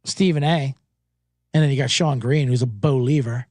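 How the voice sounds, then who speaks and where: A man's voice: medium pitch, normal speed, darkish tone, no room sound. A man hosting a sports betting show, recapping games in a rambling, profane, joking way and slipping into mocking voices.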